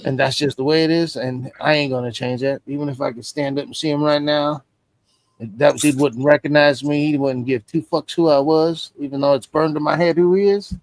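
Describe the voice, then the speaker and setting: A man's voice: fairly high pitch, steady tone, a little fast, dry recording, poor audio. A man telling a personal story in casual stream chat, blunt and heavily profane.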